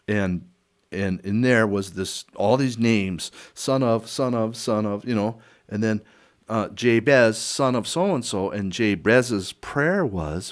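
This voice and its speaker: An older man with a lowish voice shares memories as a podcast guest. He tells them as an animated story, slipping into voices for the people in it, chuckling and restarting as he goes. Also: takes it slowly. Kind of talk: storytelling in a conversational interview.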